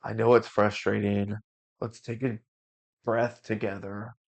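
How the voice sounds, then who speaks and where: A man's voice: lowish voice, a little slow, lo-fi sound. A man voicing a flustered, worn-out millennial father in a spoken parenting story, sounding exasperated.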